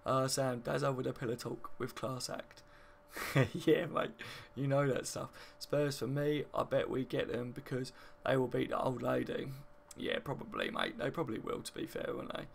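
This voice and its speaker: A man from Kent, England, with a mid-range, creaky voice hosts a live football stream, talking animatedly at normal speed. He reads the chat, reacts to the match, laughs often and calls viewers mate. There's slight background noise.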